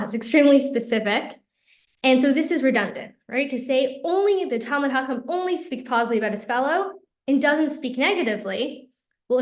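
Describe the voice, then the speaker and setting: A woman teaching a religious class, earnest and explaining step by step, slowing down for key phrases. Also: fairly high pitch, roomy sound. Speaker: Torah teacher.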